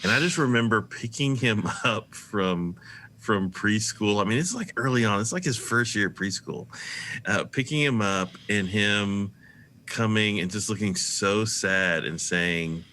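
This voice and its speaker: A man's voice: lowish voice, measured pace, sharp tone, a little hiss or hum. A man, a pastor, guesting on a podcast, chatting easily with frequent laughter and fillers. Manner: easygoing, laughs often, hesitant fillers. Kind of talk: casual podcast chat.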